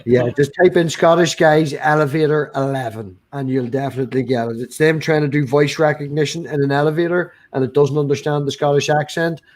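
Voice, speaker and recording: A man's voice: a little high, steady tone, fairly quick, few pauses, darkish tone. A man from the UK telling jokey stories on a casual video call. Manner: jokey storyteller. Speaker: guest. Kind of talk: casual livestream chat.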